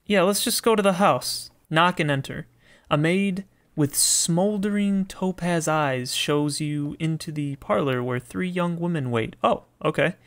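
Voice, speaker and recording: A man playing a video game, reading its text aloud and reacting with chatty, excitable asides as he thinks out loud. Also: a little high, measured pace. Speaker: let's play gamer.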